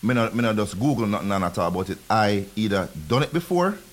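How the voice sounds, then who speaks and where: A man from Jamaica with a Jamaican accent, a realtor guest talking fast on a radio show, mixing in patois. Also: on the low side, big pitch swings. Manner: fast talking, laughs easily, mixes patois. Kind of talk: casual radio interview.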